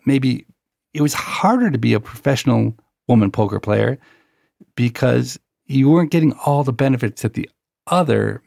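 A man with a gravelly, creaky voice tells a personal anecdote with wry storytelling. His voice sits in the middle range and is recorded dry and close. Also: medium pitch, a little mellow, no echo. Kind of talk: conversational storytelling.

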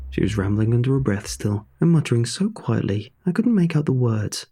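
Husky, mellow male horror narrator. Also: mid-range voice, big pitch swings, fairly quick, hardly any pauses.

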